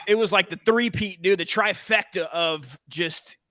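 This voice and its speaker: A man with a high, bright voice, chatting loosely and full of slang, often breaking into laughs. The sound is close and dry, with no room around it. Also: a little slow, dry recording. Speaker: podcast co-host. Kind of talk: casual chat.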